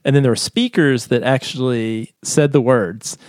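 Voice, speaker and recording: A man's voice: mid-range voice, normal speed, darkish tone, dry recording, clean studio sound. Chatty man explaining a study. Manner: chatty, explanatory, laughs often. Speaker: podcast co-host explaining a study. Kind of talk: casual science chat.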